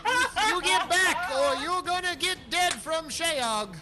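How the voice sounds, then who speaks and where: A man's voice: sits high, very animated, moderate pace. Man doing a drawling rustic adventurer. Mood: earnest. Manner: drawling put-on rustic accent, earnest. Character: folksy adventurer character with put-on rustic accent.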